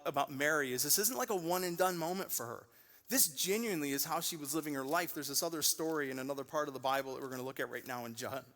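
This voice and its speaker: A man in his forties preaching a sermon to a church congregation, telling stories and acting out the voices in them. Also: on the high side. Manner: animated storyteller, acts out quoted voices. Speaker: pastor. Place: large church auditorium. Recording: long reverb of a church hall.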